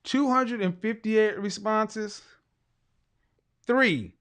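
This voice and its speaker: A man's voice: sits high, drawn-out words, a bit bright, smooth. A middle-aged man hosting a talk show, giving an emphatic lecturing monologue and repeating his points for weight.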